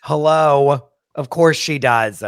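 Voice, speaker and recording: A man's voice: mid-range voice, lively intonation, a little fast, a bit bright, no echo, clean studio sound. A man guesting on a podcast in casual chat, speaking emphatically and dramatically and saying "like" constantly. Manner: emphatic and dramatic, heavy use of "like".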